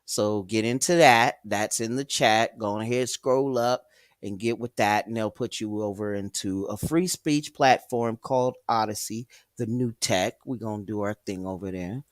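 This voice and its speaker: A man's voice: fairly low pitch, moderate pace, no echo, clean studio sound. A man hosting a livestream and reading chat aloud, rambling and profane with a mock-tough edge.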